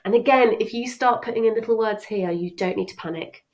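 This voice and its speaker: A woman's voice: medium pitch, fairly quick, a little mellow, low-quality recording. A woman French teacher giving a chatty, reassuring exam revision lesson.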